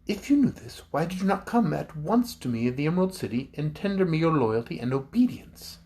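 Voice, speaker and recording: A man voices a young girl ruler who speaks sweetly and kindly but carries quiet authority. Her voice sits high and stays composed. A faint gravel from his own voice remains. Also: a little fast. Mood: gentle. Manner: sweet, friendly, calmly commanding. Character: young girl ruler Ozma, gentle and dignified. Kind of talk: audiobook character voice.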